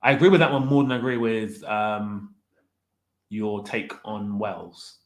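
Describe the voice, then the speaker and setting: A man's voice: on the low side, steady tone, unhurried. A man casually chatting on a livestream, reading the chat aloud and rambling while he corrects himself as he ranks directors. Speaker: streamer ranking directors with live chat.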